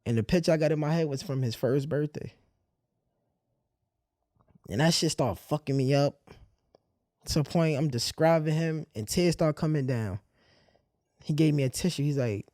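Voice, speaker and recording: A man recounts a personal story in a raw, candid monologue full of street slang and swearing. His voice sits somewhat high but sounds dark and mellow. It is recorded close and dry, with halting restarts in the heavy moments. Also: no room sound. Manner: halting restarts when emotional. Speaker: podcast host.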